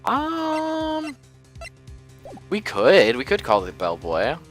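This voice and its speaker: A man's voice: medium pitch, lively intonation, moderate pace, bright, forceful tone, faint music behind. A man commenting casually while playing and reading a game aloud, with joking asides. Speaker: gaming streamer. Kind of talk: casual let's-play commentary.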